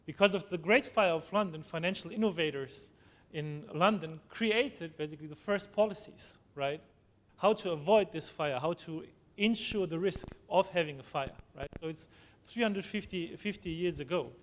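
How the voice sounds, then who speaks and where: A man giving a conference presentation, halting, with frequent restarts and tag questions. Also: on the high side, a bit bright. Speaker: conference speaker. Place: conference hall. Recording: long hall reverb, faint noise.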